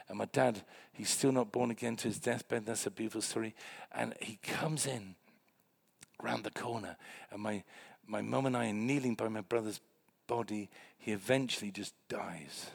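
A male preacher with a gravelly edge to his mid-range voice. He preaches with animated storytelling, dropping low and quiet, then rising to loud bursts. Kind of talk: sermon with storytelling.

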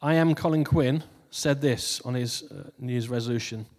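Man, preacher, casual sermon, chatty and relaxed, mid pitch, long reverb. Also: normal speed. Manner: relaxed, chatty, laughs at his own jokes. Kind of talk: casual New Year sermon.

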